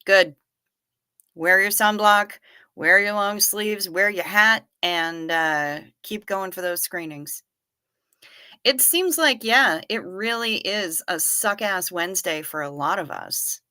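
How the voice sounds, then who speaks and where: A woman hosting a relaxed livestream, answering her chat with a wry, chatty delivery. Her voice sits in a middle pitch with a bright, forceful edge. She swears now and then in an easygoing way. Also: takes it slowly, smooth. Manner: chatty and wry, casually profane. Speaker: livestream host reading viewer chat. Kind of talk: casual chat.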